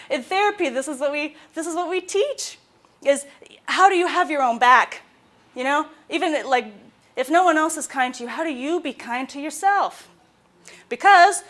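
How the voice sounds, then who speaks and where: A mental health specialist gives students an informal talk in a voice that sits high, acting out quotes with energy as she tells her stories.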